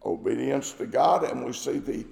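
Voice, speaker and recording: Gravelly preacher in an echoey hall. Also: male voice, mid-range voice, animated, moderate pace, darkish tone. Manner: emphatic, repeats phrases for stress. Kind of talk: sermon. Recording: echoey hall with long reverb.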